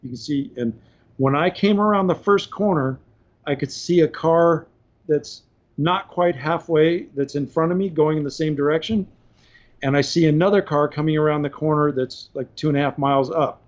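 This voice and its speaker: A man, a podcast guest, tells a long story in a relaxed, chatty way and chuckles now and then. His voice sits slightly high for a man. The recording is a bit muffled and lo-fi. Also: normal speed. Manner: animated, laughs between points. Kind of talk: casual anecdotal storytelling.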